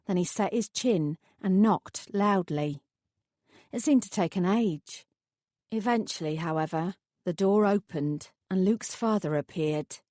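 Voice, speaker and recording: A woman narrating a first-person audiobook in a lively storytelling manner. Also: medium pitch, unhurried, no room sound, clean studio sound. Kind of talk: scripted narration.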